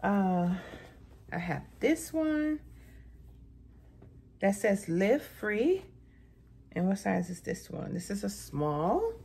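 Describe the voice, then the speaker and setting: A middle-aged woman vlogger chats casually through a haul video, saying "y'all" again and again, her pitch jumping high when she gets excited. She speaks slowly with a creaky, breathy edge and long pauses.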